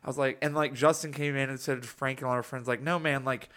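A young man in casual podcast chat, telling rambling, animated stories full of swearing and laughter. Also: mid-range voice, fast.

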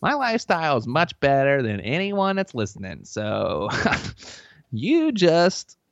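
Brief: bragging man with a Southern accent, gravelly, pitch swinging wildly, dull lo-fi sound. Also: wildly swooping pitch, slow pace, no echo. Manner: boastful, rambling, easily sidetracked. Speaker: comedic advice giver. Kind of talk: comedy podcast bit. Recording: dull lo-fi recording.

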